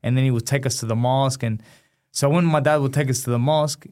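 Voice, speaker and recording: A man's voice: mid-range voice, fast talker. A man, telling a personal story in a casual interview and acting out the dialogue. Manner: animated storyteller, acts out dialogue. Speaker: guest, former boxer.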